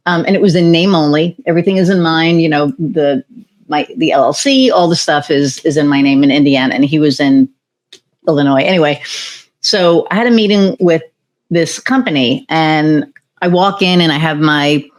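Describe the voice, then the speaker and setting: A woman who owns a business, telling a candid, animated story as a podcast guest and swearing freely. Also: deep voice, normal speed. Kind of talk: casual conversational storytelling.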